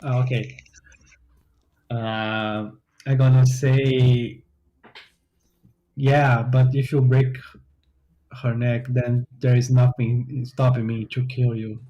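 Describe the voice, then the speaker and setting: A man playing in a tabletop game, speaking his character's threats loudly and without hurry. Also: medium pitch, flat delivery, slow pace, long pauses, dull audio, close to an everyday voice. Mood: threatening. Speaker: player.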